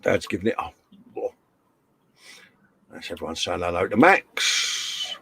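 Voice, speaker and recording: A man's voice: low voice, expressive, slow pace, creaky, sharp tone, husky. A man hosting a casual live stream, chatting and reading out viewer comments in a jokey way.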